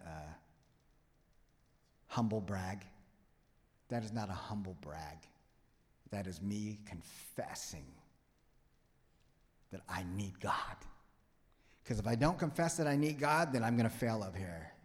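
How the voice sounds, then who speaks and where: A man preaching a sermon as pastor, talking in a conversational, joking way that swings from hushed asides to loud pleading. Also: fairly low pitch, a little slow, pauses often. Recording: reverberant hall.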